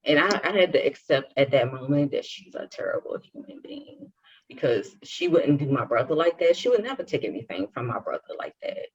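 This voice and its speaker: Deep and a little breathy, her voice swings widely in pitch and runs slightly fast. She's a young adult podcast co-host chatting casually, sharing a personal story and performing the dialogue with animation. The audio is dull and lo-fi.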